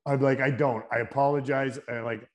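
Swearing, animated male podcast co-host. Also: medium pitch, fairly quick. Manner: animated storyteller, swears freely. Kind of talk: casual chat.

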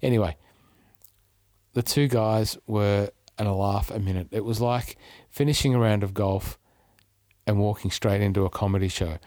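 A man's voice: on the low side, fairly even intonation, moderate pace, darkish tone, no room sound, studio quality. An Australian man hosting a podcast, chatting casually and telling stories in an upbeat way, often restarting mid-phrase. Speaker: podcast host. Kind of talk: casual travel chat.

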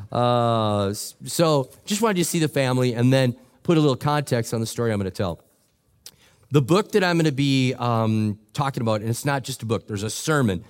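A middle-aged male pastor preaching a sermon, telling a joking, animated story with quoted voices. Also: medium pitch, clean tone. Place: church sanctuary.

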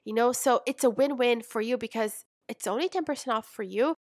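A young adult woman coaching in a chatty, animated way, calling her listener mama and sis. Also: a little high, a little fast, dry recording, clean studio sound. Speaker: business coach. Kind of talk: casual coaching talk.

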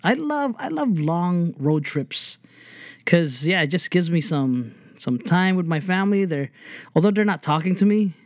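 An easygoing man in his thirties co-hosting a podcast, chuckling often. His voice sits a little higher than most men's. The recording is dry and close, with no room sound. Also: big pitch swings, a little slow, no room sound. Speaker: podcast co-host. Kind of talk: casual chat.

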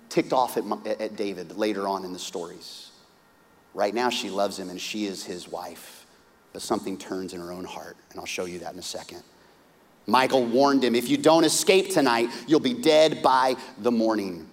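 A man preaching a sermon, retelling a story with lively, humorous asides and acted-out voices. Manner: animated storytelling, acting out characters with big pitch swings. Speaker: pastor. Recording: hall reverb.

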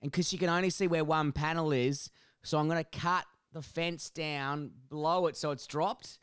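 A man's voice: on the high side, moderate pace, smooth, no echo, studio quality. A man co-hosting a casual podcast, telling stories with lots of swearing. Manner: animated storyteller, swears freely. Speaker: podcast co-host.

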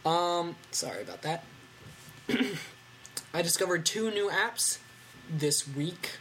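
A fifteen-year-old boy hosting a casual tech podcast from home, rambling and excitable with lots of fillers. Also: fairly high pitch, slow, slight background noise. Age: teens. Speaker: podcast host.

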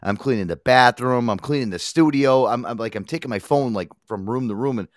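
A man's voice: medium pitch, fairly quick, dry recording, studio quality. A man hosting a podcast, chatting casually in a rambling way, swearing and repeating himself. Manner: rambling, profane, repeats words. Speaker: podcast host. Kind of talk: casual chat.

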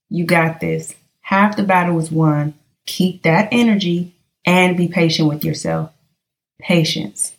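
Chatty woman podcast host from California. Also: lowish voice. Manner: chatty storyteller addressing listeners directly. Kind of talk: casual podcast monologue.

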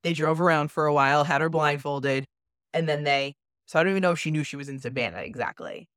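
A woman with a low voice tells a ghost story in an animated, casual way and swears freely. The sound is dry and close. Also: fast, no room sound. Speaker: podcast co-host. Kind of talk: casual chat.

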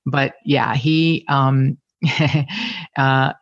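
A woman's voice: a bass voice, drawn-out words, dry recording, dull audio. Candid middle-aged woman telling stories. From Cincinnati area, Ohio. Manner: candid, animated storyteller who curses freely. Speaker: guest. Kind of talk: casual conversation.

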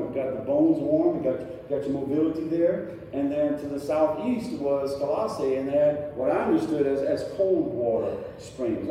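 Preacher in an echoey church hall. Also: male voice, fairly high pitch, warm tone, far from the mic, a little hiss or hum. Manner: conversational preaching, questions to the congregation. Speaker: pastor. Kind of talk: sermon. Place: church sanctuary.

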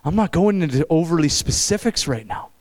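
A middle-aged man preaching at a camp meeting, animated, shifting between loud exclamations and low, intense stretches. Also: fairly quick. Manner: acts out quoted voices. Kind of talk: sermon.

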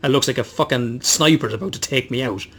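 A man's voice: mid-range voice, brisk, a bit bright, husky. A man, co-hosting a podcast and telling a long rambling story, swearing constantly and poking fun at himself. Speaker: podcast co-host. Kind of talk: casual chat.

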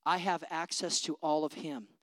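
A woman's voice: low-pitched, fairly even intonation, moderate pace, no echo. A woman preacher delivering an emphatic, rousing sermon and calling out for amens from the congregation.

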